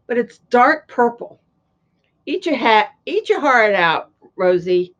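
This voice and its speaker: An older woman with a fairly high voice talks in a chatty, gushing way as she shows off handmade items. The sound is dull and lo-fi, like home video audio. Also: animated, measured pace. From Florida. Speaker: crafting vlogger. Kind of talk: casual show-and-tell chat.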